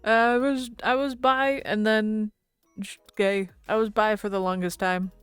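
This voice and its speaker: Chatty woman streamer, smooth dry voice. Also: mid-range voice, flat delivery, a little slow, a bit bright, no echo, soft background music. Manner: rambling and chatty, laughs often. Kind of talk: casual chat with viewers.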